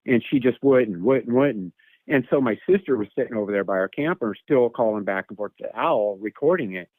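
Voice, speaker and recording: A man's voice: medium pitch, expressive, brisk, no room sound. A man telling a long personal story in a casual, rambling way, repeating words and imitating animal calls, over a phone line. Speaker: guest telling an encounter story. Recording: tinny phone line, dry.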